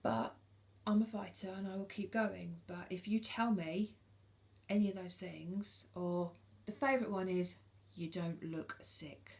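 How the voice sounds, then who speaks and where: Gravelly-voiced British woman in her forties. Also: medium pitch, fairly even intonation, unhurried, a little mellow. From United Kingdom. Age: 40s. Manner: hesitant, many ums and restarts; frank and earnest. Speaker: vlogger. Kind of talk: casual talk to camera.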